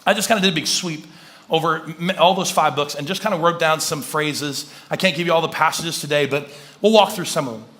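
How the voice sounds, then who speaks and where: A male pastor gives a conversational sermon in a church, his voice pitched high and bright with a forceful edge. He talks loosely and animatedly, slipping into quick acted-out exchanges to illustrate his points. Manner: conversational, animated, acts out dialogue. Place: church sanctuary.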